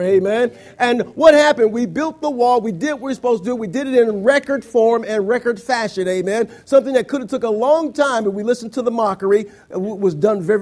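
A man preaching a sermon, punctuating his points with frequent amens and slowing down to read scripture aloud. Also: high-pitched, a little mellow. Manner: acts out mockers and church members in quoted asides; reads scripture slowly and deliberately.

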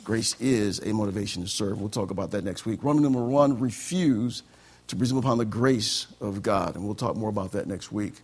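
A man preaching a sermon as pastor, animated and acting out conversations. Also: fairly low pitch, brisk, breathy edge.

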